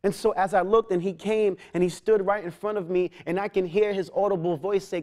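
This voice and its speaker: A man's voice: high-pitched, fairly even intonation, brisk, darkish tone. Earnest man with stammering restarts. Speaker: testimony speaker. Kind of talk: personal testimony.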